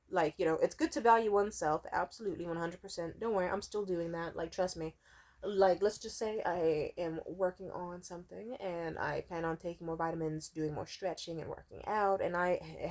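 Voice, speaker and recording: A woman vlogger launches into a casual storytime rant, wandering off track, cursing freely, and saying "like" constantly. Her voice sits lowish and sounds a little mellow.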